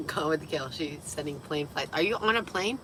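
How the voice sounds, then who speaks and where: A tipsy woman livestreaming from a parked vehicle, giggling, swearing freely and getting excitable, her voice partly lost. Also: sits low, fairly quick, background noise. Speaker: livestream host. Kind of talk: tipsy casual livestream chat.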